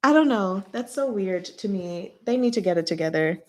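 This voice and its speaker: Animated woman chatting about a book. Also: mid-range voice, normal speed. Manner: animated, exclaims and laughs often. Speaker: book discussion host. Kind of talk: casual chat.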